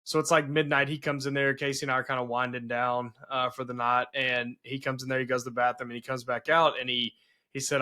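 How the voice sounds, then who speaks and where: A man's voice: medium pitch, little pitch movement, a little fast, bright, forceful tone. A man hosting a podcast and telling family stories earnestly, with many restarts. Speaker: podcast host. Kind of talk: casual conversation.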